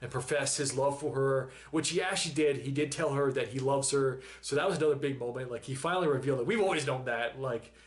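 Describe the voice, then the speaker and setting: A man's voice: mid-range voice, fast, few pauses. A man hosting a reaction video, talking in a casual, rambling way while still emotional after crying, with frequent sighs and laughs. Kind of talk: casual chat.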